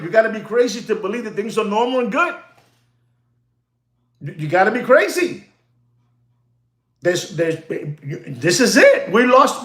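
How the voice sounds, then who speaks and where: A man's voice: high voice, fairly bright tone, echoey room. A man who deals in watches, speaking in an emphatic, repetitive vlog rant full of heckling. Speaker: watch dealer.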